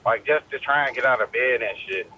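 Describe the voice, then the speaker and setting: A man's voice: mid-range voice, a little fast, sharp tone. A man calling into a podcast from his car, chatting casually in a laid-back, profane, rambling way. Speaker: guest calling in. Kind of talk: casual phone chat. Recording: muffled phone call with faint noise.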